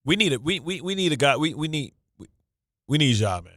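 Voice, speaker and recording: Male sports radio host, nervous stammering banter, bright and dry. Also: fairly high pitch, sing-song, a little fast, no echo. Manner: stammering, repeats himself, nervous joking. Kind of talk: excitable sports talk banter.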